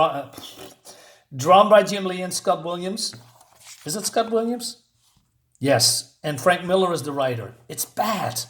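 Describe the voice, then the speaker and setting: A man casually reviewing a comic book, incredulous and sarcastic, with lots of fillers. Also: on the high side.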